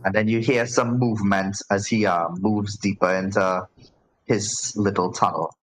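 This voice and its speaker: A man's voice: on the low side, steady tone, measured pace, rough recording. A man acting as game master, narrating a tabletop game in a casual way with many fillers and restarts.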